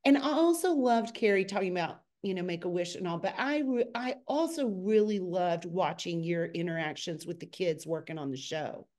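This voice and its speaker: A middle-aged woman, a choreographer, telling lively stories in a casual podcast chat, sometimes speeding up in bursts. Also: moderate pace, hardly any pauses. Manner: animated, acts out quotes with a high excited voice.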